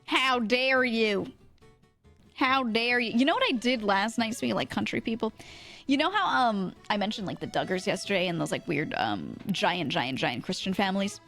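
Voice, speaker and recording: Young woman streamer, giggly and rambling, mid-range voice, soft music underneath. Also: medium pitch, sing-song, fairly quick, gravelly. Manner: rambling, laughs often, playful. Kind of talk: casual chat.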